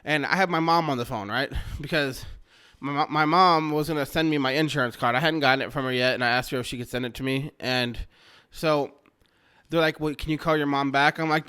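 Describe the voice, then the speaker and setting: Guy rambling thru a story, swears a lot, laughs at himself, voice kinda high and super clear. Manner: rambling, profane, self-mocking, gets loud and excited. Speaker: vlogger telling a personal story. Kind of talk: casual storytelling.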